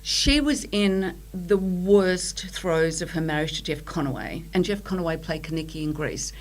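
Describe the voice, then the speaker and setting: Guest spot: Australian woman, middle-aged, animated storyteller, slightly low pitch. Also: normal speed, low-quality recording. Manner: animated storyteller who acts out quotes. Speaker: podcast guest. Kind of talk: storytelling in casual chat.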